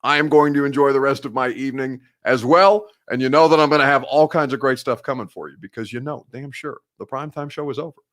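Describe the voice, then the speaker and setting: A man's voice: medium pitch, fast, hardly any pauses, a bit bright. A young man hosting a live sports show, chatting casually, rambling, laughing often and poking fun at himself.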